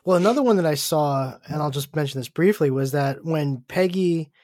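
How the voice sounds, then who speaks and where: A married man co-hosting a podcast, telling stories in animated casual chat and quoting others. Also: fairly high pitch, normal speed, no room sound, clean studio sound. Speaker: podcast co-host.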